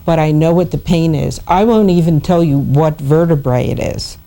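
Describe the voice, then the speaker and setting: A woman animal communicator calmly recounting her sessions in a documentary interview. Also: deep voice, moderate pace.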